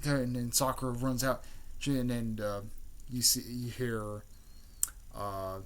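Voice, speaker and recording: Male channel host, mid-pitched, casual recap, stumbling speech, lots of fillers and throat clearing. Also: flat delivery. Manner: halting, filler-heavy, repeats words, clears throat often. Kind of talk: casual rambling story recap.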